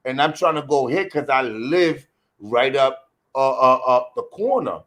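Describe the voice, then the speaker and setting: Guy just shooting the breeze, swearing a lot, doing little voices for people in his story, regular pitch. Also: a little slow. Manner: profane, animated, acts out quoted voices. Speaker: guest storyteller. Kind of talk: casual storytelling.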